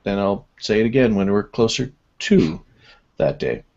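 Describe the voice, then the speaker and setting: A man's voice: lowish voice, sing-song, moderate pace, a little mellow. A man hosting a casual web radio show, rambling and self-deprecating as he runs through the segments. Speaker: host. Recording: dull lo-fi audio.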